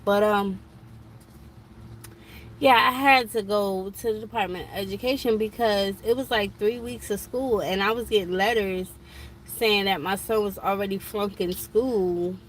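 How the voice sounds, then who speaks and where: A woman's voice: medium pitch, fairly even intonation, unhurried, a little hiss or hum. A woman talking on a casual live stream from an eye doctor's office, telling a frustrated story about her son's school. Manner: chatty, exasperated storytelling. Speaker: vlogger.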